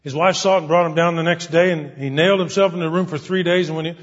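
In a hall with long reverb and dull recording quality, a pastor delivers an earnest, folksy sermon. His voice is fairly high with fairly even intonation and a quick pace, and he acts out those he quotes.

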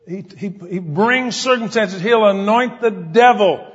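Male preacher, husky voice, fairly high pitch, long hall echo, dull lo-fi sound. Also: measured pace. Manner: conversational, rising to emphatic, asks the congregation questions. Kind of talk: sermon.

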